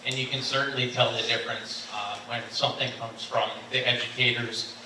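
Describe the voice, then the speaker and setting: A man giving public comment at a meeting, polite and measured, with frequent fillers. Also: medium pitch, level tone. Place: large meeting room. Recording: echoey hall, far mic, noise.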